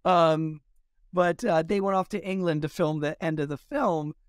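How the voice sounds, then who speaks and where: A male historian telling lively anecdotes in an interview, acting out quoted dialogue as he goes. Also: fairly high pitch, normal speed, clear, resonant tone, no room sound, studio quality. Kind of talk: storytelling in an interview.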